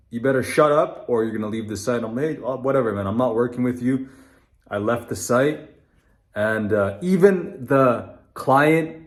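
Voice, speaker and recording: A young man from Canada, a construction business owner, candidly telling a personal story in casual, blunt speech full of fillers and reenacted dialogue. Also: medium pitch. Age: young adult.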